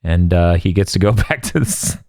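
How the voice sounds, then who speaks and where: Wry podcast host man, lowish pitch, jokey recap delivery, dry sound. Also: lively intonation, darkish tone, dry recording. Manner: wry, jokey, quick to laugh. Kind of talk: comedic episode recap.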